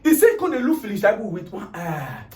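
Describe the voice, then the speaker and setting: Animated high-voiced man telling a tale in Pidgin. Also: quick pace. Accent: Nigerian Pidgin. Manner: animated, dramatic retelling with acted-out quotes. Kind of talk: comic storytelling retelling a political tale.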